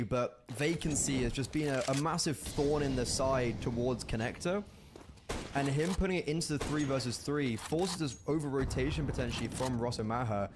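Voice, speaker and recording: A man casting a live competitive shooter match as play-by-play commentator, animated and rising in bursts at big plays. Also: mid-range voice, noisy background. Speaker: esports caster.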